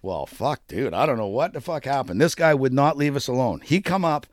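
A man's voice: medium pitch, brisk, dry recording. A man co-hosting a casual podcast, telling a rowdy travel story with lots of swearing and acted-out voices. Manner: profane, animated storyteller acting out voices. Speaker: podcast co-host.

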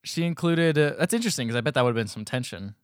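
A man's voice: fairly high pitch, animated, fast talker, clean tone, no room sound, studio quality. A young man casually recapping a film on a podcast, rambling and acting out the characters' lines. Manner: rambling, acts out quoted lines, laughs often. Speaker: podcast host.

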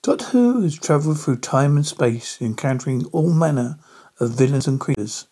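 A man reading a spooky story aloud in a halting manner, stumbling over words. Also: on the high side, expressive, mellow, slightly rough. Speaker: narrator.

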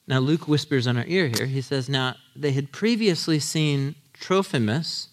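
A man preaching a sermon, telling the story with animated quoted voices and asides to the congregation. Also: normal speed, few pauses. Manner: animated storytelling, acting out quotes with big pitch jumps; asides with audience, laughing. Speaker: pastor.

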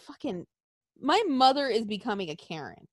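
A young woman with a high, very lively voice tells stories in a loose, profane way, slipping into the voices of the people she quotes. The sound is dry and close, with no room around it. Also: normal speed, no echo. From Arizona. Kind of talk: casual chat, storytelling.

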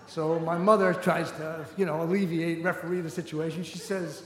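A man's voice: fairly high pitch, little pitch movement, moderate pace, fairly bright tone. A middle-aged man telling a personal story on stage, in an easy conversational way full of "you know" asides. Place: stage in a large hall before an audience. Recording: roomy hall reverb.

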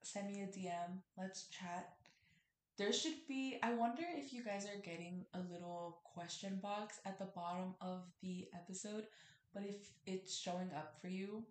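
A woman's voice: mid-range voice, steady tone, moderate pace, echoey room. A young woman hosting a casual solo podcast, rambling with lots of fillers and cursing freely. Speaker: podcast host.

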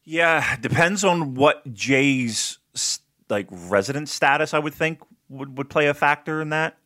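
A man co-hosting a casual podcast, joking and chatty, with his questions rising and falling widely. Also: on the high side. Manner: joking, animated, with a put-on slow describing voice at times. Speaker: podcast co-host. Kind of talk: casual podcast chat about wrestling.

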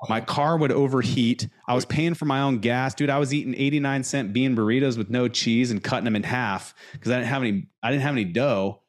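Animated man telling stories casually. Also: mid-range voice, a little fast, hardly any pauses. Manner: animated storyteller, fillers like dude. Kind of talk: casual chat.

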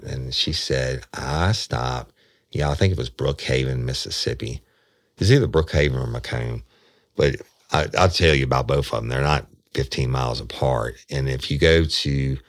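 Very deep-voiced man telling a story. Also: a bit bright, dry recording, clean studio sound. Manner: rambling, detours into directions, swears casually. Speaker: detective recounting a case. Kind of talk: casual spoken storytelling.

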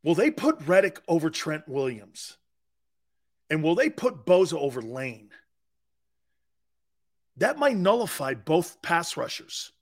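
A man with a fairly high, very animated voice speaks slowly and leaves long pauses. He hosts a sports talk show, chatting casually, joking and laughing as he reads live chat and answers viewers' comments, his loudness swinging widely.

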